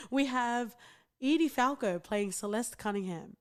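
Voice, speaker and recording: A woman's voice: a little high, huge pitch swings, slow pace. A woman co-hosting a podcast in casual chat, talking with lots of fillers and small laughs. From outside the United States. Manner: chatty, many fillers and giggles. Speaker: podcast co-host.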